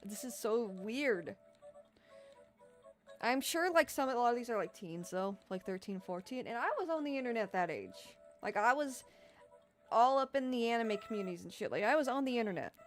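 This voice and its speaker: Young woman streamer, kinda high voice, rambly and sweary, casual chat. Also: animated, moderate pace, faint music behind. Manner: rambling, swears a lot, laughs often. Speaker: livestreamer. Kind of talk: casual live-stream chat reacting to comments.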